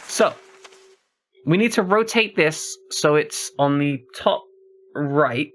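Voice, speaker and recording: A man with a high, animated, somewhat bright voice takes his time while streaming a horror game. His commentary is relaxed: he works through a puzzle out loud and chats with viewers along the way.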